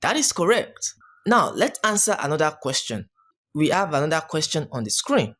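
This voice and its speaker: A woman giving a scripted English exam-prep lesson, explaining each point clearly and step by step. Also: low voice, big pitch swings, normal speed, fairly bright tone. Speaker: English teacher.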